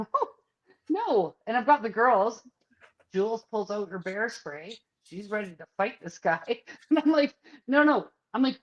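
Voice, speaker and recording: This woman speaks at a medium pitch, and the recording sounds muffled. Co-hosting a podcast, she casually shares a personal story, cursing a lot and voicing the other people in it with animated flair.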